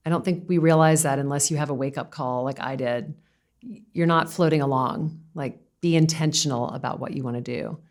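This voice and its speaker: A woman's voice: low-pitched, a little mellow. A woman, a podcast guest reflecting earnestly in casual conversation and laughing often.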